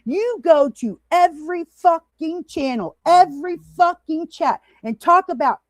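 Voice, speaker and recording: An American woman with a very high-pitched, expressive voice speaks a little slowly with few pauses, recorded dry. Hosting a heated livestream, she angrily rants at a critic with heavy swearing, confrontational throughout, and greets chatters now and then.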